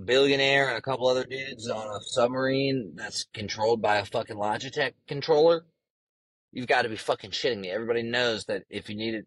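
A man's voice: on the low side, dry recording, poor audio. A young man hosting a casual solo podcast, talking in a brash, profane and rambling way. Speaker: podcast host.

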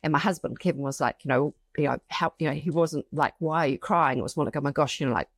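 A woman's voice: deep voice, fast, dry recording, clean studio sound. A middle-aged woman co-hosting a heartfelt conversation, reading passages aloud and reflecting on her own experiences. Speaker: podcast co-host. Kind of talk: casual emotional conversation.

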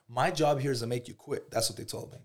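Podcast guest: rapid-fire male storyteller, casual slang, animated delivery. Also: mid-range voice. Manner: animated and slangy, calls listeners bro.

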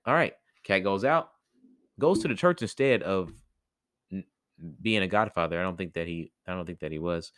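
Low-voiced man casually retelling a tale. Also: lively intonation, normal speed, pauses often, fairly bright tone, no room sound, studio quality. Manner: rambling, slangy, lots of fillers. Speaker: podcast storyteller.

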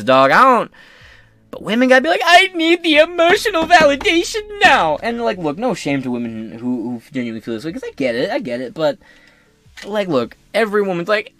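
A man's voice: sits high, fairly bright tone, no echo, clean studio sound. A man hosting a podcast, ranting crudely with constant swearing and mocking impressions. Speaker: podcast host. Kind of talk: profane ranting commentary.

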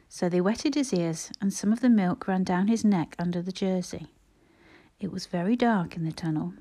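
A woman narrating a children's storybook as an audiobook, in a measured, expressive reading. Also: on the low side.

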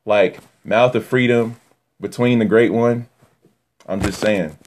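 A man giving a casual, animated Torah teaching that swings from near-yelling to quiet asides. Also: takes it slowly, a little hiss or hum. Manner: animated, rising to near-yelling then dropping low.

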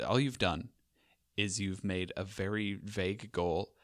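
A man's voice: low voice, measured pace, dry recording, studio quality. A young man hosting a podcast, talking casually in a rambling, wry way with lots of fillers. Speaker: podcast host. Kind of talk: casual conversational chat.

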